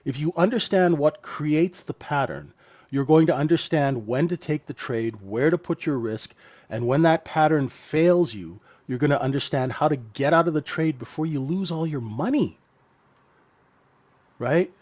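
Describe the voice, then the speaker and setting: A man's voice: a little high, lively intonation, normal speed, darkish tone. A man teaching live in a trading room, blunt and emphatic, tagging sentences with "right?". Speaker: trading mentor. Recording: dull lo-fi stream audio.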